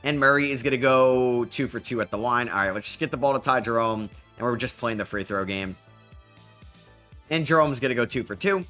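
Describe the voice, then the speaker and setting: A young man commentating his basketball video game as he plays, excitable and quick to groan and yell at bad plays. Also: medium pitch, faint music behind. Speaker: gaming YouTuber. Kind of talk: game commentary while playing.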